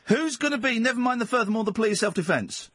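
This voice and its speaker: Male late-night radio host, high animated voice, bossy and exasperated, laughs easily, studio mic. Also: quick pace, husky, no echo. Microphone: studio microphone.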